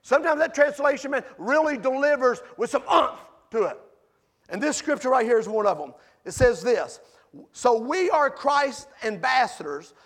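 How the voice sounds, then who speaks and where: A man with a very high-pitched voice delivers a sermon to his congregation. He moves between casual asides and passionate, shouted emphasis. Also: normal speed. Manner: animated preaching, rising to shouts for emphasis. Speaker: pastor. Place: church sanctuary.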